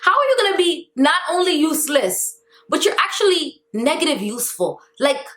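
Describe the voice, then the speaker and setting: Young woman vlogger, higher-pitched, animated and exasperated, slangy storytime delivery, roomy sound. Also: moderate pace. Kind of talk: storytime vlog.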